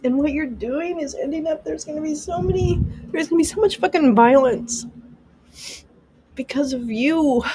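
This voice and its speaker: A middle-aged woman vents on a live stream in a high, husky voice with a mellow, dark tone. She is upset, swears freely and rambles as she talks. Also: low-quality recording. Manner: profane, impassioned, rambling. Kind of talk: emotional live-stream monologue.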